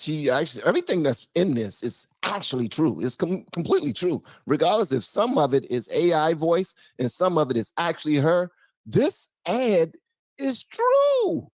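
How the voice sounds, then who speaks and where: A man's voice: on the high side, slightly rough, no echo. Brief: man, commentary host, incredulous, voice jumping all over, dry close mic. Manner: exasperated, mocking, swings from loud outbursts to mutters. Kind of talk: reaction commentary.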